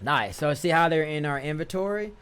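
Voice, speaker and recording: A man's voice: on the high side, animated, a little fast, over music. Laid-back man chatting over gameplay. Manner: laid-back, slangy, corrects himself often. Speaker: streamer. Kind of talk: casual gameplay commentary.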